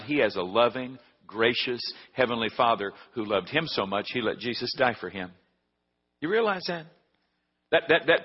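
A middle-aged male pastor preaching a sermon, telling a story and swinging between hushed and loud. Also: a little high, breathy edge. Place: church sanctuary. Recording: dull recording with long hall reverb.

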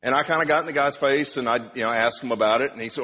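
A man's voice: mid-range voice, racing, breathy edge. A middle-aged man preaching a sermon as pastor, telling a story with a self-deprecating manner. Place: church. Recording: dull sound in a reverberant hall.

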